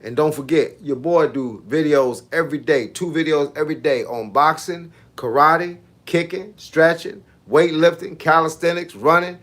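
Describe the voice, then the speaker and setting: A man's voice: on the high side, normal speed, few pauses, a bit bright. A man, a fitness coach chatting casually with viewers on a livestream in laid-back, slangy banter. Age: 50s.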